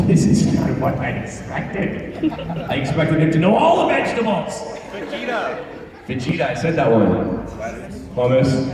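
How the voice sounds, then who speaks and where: A man's voice: on the high side, wildly swooping pitch, a little slow, pauses often. Man telling stories in an echoey hall. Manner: profane, laughing anecdotal storyteller. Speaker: voice actor panelist. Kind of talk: convention Q&A storytelling. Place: large convention hall with an audience. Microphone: distant microphone. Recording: echoey hall, distant mic, crowd.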